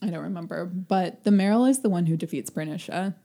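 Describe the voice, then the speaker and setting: A woman's voice: lowish voice, brisk, creaky. Rambling young woman discussing a book. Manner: rambling and animated, with frequent fillers and laughter. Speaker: podcast co-host.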